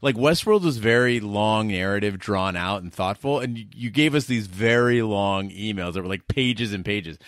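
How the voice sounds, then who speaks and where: A man co-hosting a podcast, talking in a relaxed, wry, joking way. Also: lowish voice, moderate pace, hardly any pauses, no room sound, clean studio sound. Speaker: podcast co-host. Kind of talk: casual podcast chat.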